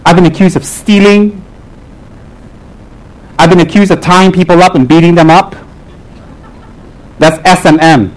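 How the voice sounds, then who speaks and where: A man with a fairly high voice gives a humorous dharma talk as a Buddhist teacher. He teases his listeners with rhetorical questions. He slows and lowers his voice when he presses a point. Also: steady tone, poor audio. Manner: wry, teasing, with rhetorical questions.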